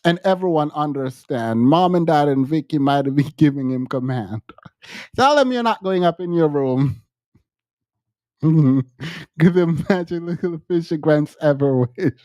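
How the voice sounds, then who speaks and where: A woman's voice: lowish voice, a little mellow, no echo. Giggly woman host, dry sound. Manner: laughing often, mocking, playful. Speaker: podcast host. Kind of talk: casual reaction commentary.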